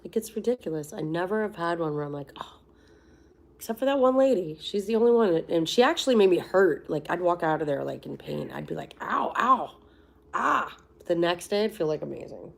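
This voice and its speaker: A woman's voice: lowish voice, animated, fast, vocal fry, few pauses, darkish tone. A woman in her forties hosting a casual livestream, chatting with viewers in a loose, filler-heavy way. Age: 40s. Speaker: livestream host.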